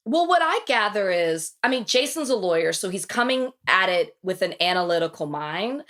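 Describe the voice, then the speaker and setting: Southern lady podcast host, bright tone, rambly and laughing, keeps restarting. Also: mid-range voice, big pitch swings, normal speed. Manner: chatty, laughing, restarts sentences. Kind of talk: casual chat.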